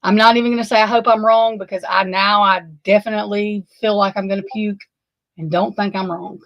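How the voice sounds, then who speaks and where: A woman talks through a true crime case, shaken and near tears. She stammers, breaks off mid-sentence and swears often. Her voice sits at an ordinary pitch and is recorded close and dry. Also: steady tone, dry recording, muffled recording. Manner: distraught, halting, swearing, stammering. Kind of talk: emotional unscripted commentary.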